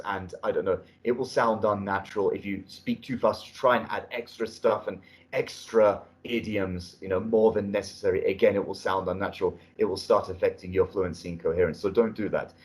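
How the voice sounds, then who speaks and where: A middle-aged British man giving spoken feedback as a speaking test examiner. He is encouraging and often restarts phrases. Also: fairly low pitch. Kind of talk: spoken feedback on a mock exam. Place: indoor room at a language academy.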